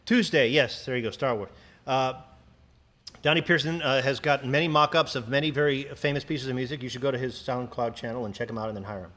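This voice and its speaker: A man hosting a livestream, ranting in a casual, profane, animated way with sarcastic asides. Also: mid-range voice, a little fast. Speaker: livestream host.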